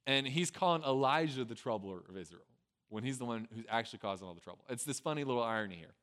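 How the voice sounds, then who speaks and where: A man preaching a casual storytelling sermon, conversational and peppered with "right?", who swings from loud acted lines to quiet, low asides. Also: animated, fast talker. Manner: conversational, with a frequent tag "right?". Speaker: pastor.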